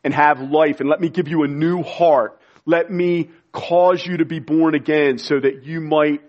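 A man's voice: on the high side, fairly even intonation, measured pace. Impassioned male preacher, dull recording. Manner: impassioned, pleading preaching with sudden quiet drops. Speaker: pastor. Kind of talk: sermon.

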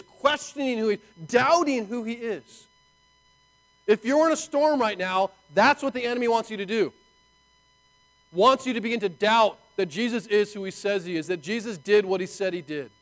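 High-voiced animated male preacher. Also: poor audio. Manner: animated, conversational preaching with rhetorical asides. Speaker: pastor. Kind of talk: sermon.

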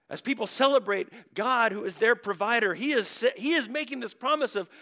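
A man preaching a sermon, moving from quiet storytelling to loud, drawn-out emphasis. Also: sits high. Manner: swings from hushed to loud, stretching key words. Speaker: pastor.

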